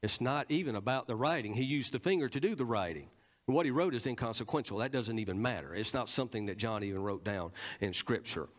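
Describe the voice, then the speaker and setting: A man's voice: medium pitch, expressive, fast. A man with a Southern American accent preaching a teaching sermon in church, stressing points and quizzing the congregation. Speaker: pastor.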